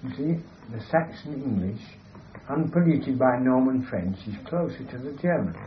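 A man with a medium-pitched, lively voice talks about language at a moderate pace, lecturing emphatically within a conversation and often asking "you see". The recording has its highs cut off and slight background noise.

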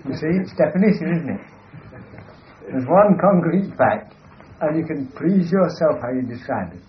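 A man's voice: a little high, lively intonation, moderate pace, a little hiss or hum. Lecturing man on a muffled recording. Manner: emphatic, lecturing, keeps asking "you see". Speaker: speaker discussing language. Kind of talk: discursive monologue in conversation.

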